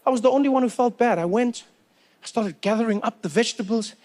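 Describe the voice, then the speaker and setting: A man from South Africa with a South African accent, doing stand-up comedy and acting out characters in his stories. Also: fast talker. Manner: animated storyteller who acts out characters with jumps in pitch and loudness.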